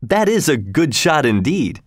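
A man's voice: fairly high pitch, very animated, measured pace, no room sound, studio quality. Robin, a man voicing a bold, hearty outlaw chief. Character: cheerful bold male outlaw leader.

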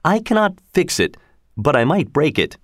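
A man's voice: on the high side, sing-song, normal speed, dry recording, clean studio sound, pitched above the performer's own voice. A man voicing a cheerful, bold male outlaw leader who speaks in a hearty, laughing tone, raised above his narrating voice.

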